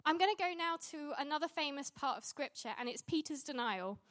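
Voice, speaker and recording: A woman's voice: sits high, expressive, brisk, fairly bright tone. A woman preaching a sermon in a conversational way, often restarting sentences and laughing at herself.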